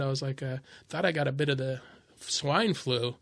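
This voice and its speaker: A podcast host and stand-up comedian with a gravelly, mid-range voice talks briskly through road stories in his studio, cursing freely, laughing, and getting loud when playing other characters. It's a casual storytelling chat on a dry recording.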